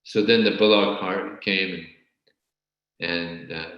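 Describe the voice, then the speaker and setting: A man teaching a scripture class and telling a story in a halting way, often repeating words. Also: sits low, fairly even intonation, highs cut off. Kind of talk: storytelling religious lecture. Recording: very echoey room.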